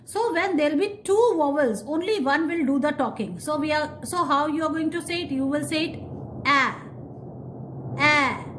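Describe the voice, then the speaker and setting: A woman teaching phonics to kindergarten children, sounding out letters slowly and repeating each word. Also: high-pitched, a little hiss or hum. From India. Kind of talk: slow, sing-song phonics lesson for young children.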